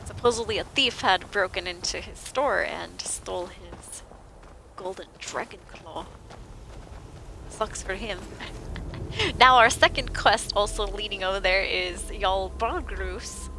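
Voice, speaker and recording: A woman streaming a video game, chatting to viewers and excitedly shouting at characters. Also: medium pitch, a little slow, a little hiss or hum. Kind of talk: live gameplay commentary.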